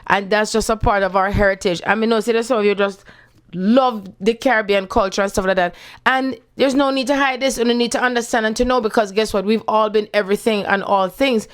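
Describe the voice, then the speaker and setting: A woman's voice: medium pitch, fairly even intonation, brisk. A woman from Jamaica with a Jamaican accent, giving a casual spiritual talk and playfully switching between patois and standard English. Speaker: spiritual speaker.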